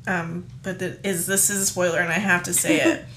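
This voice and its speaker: A woman with a bright, crisp voice chats casually as a podcast co-host. She talks loosely, leaning on fillers and breaking into laughs. A faint hiss sits under the recording. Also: on the low side, flat delivery, fairly quick. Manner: chatty, laughs often, many fillers. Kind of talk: casual chat.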